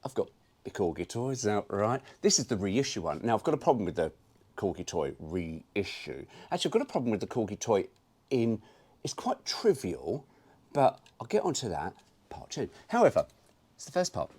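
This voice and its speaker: A man chats about cars in his own casual video, cheeky and quick to swear for a laugh. His voice is husky and slightly breathy. His pitch swoops up and down a great deal as he tells the story. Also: big pitch swings, darkish tone. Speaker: car vlogger. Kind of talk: casual chatty commentary.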